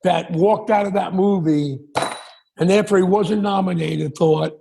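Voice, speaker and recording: A man interviewing a friend in casual chat, speaking haltingly and repeating his words. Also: sits high, vocal fry, mellow, slightly rough. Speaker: guest interviewer.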